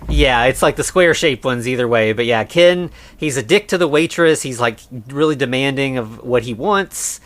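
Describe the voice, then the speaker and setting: A man's voice: mid-range voice, expressive, moderate pace, hardly any pauses, fairly bright tone, dry recording. A man co-hosting a podcast in a casual chat, recapping a film in a rambling way with lots of fillers and acted-out quotes. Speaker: podcast co-host.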